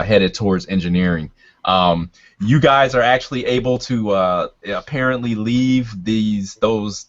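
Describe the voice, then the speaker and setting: A man's voice: deep voice, dull audio. A man narrating as game master of a tabletop game, hesitant with many fillers.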